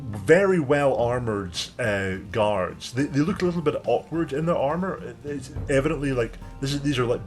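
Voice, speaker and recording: A man narrating as game master of a tabletop game, in a relaxed, descriptive way. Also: medium pitch.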